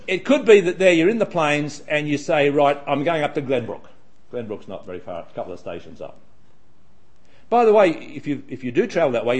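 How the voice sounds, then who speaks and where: A man leads a Bible study in a chatty, wandering way, often restarting his sentences. His pitch swings widely, with lots of lift and drop. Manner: chatty, digressive, frequent restarts.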